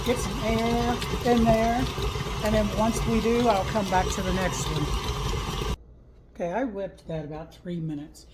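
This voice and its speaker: Slow, sassy woman in a noisy kitchen. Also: medium pitch. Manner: sassy, playful, jokey asides. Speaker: home cooking vlogger. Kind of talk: casual cooking demonstration. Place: home kitchen.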